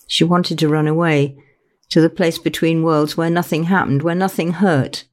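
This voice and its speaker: A woman narrating her own novel in a measured, unhurried reading. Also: low voice, steady tone, darkish tone. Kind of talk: audiobook narration.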